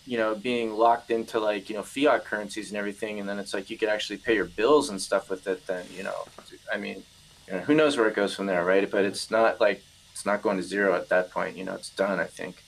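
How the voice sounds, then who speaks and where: A man's voice: lowish voice, steady tone, brisk, creaky, poor audio. A man in a casual basement chat, thinking aloud with many fillers and hedges. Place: home basement.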